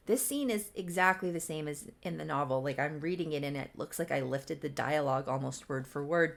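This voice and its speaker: Young woman recapping a life-sim story, chatty and quick, gravelly vocal fry. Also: on the low side. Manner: chatty, quick, offhand asides. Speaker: YouTuber. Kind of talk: casual recap of a Sims story.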